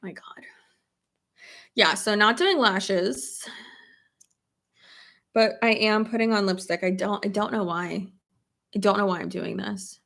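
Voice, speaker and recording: A woman's voice: medium pitch, creaky. A young woman with a cold-stuffed nose talks through her makeup routine in a loose, blunt way. She swears freely and reads comments aloud as she goes. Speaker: beauty vlogger. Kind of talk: casual get-ready-with-me chat while doing makeup. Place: home, at a makeup table.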